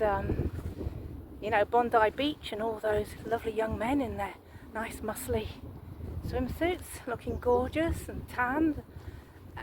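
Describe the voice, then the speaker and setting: A woman's voice: on the high side, background noise. A woman, talking casually to her viewers in a rambling, chatty vlog monologue and putting questions to them. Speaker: vlogger.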